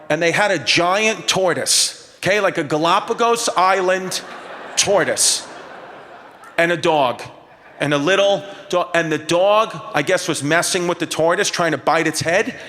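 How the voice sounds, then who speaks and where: A man performing live stand-up storytelling on a concert hall stage, animated and escalating, acting out the people in his story. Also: high-pitched, slight background noise. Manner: animated, escalating, acts out voices. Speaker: stand-up comedian.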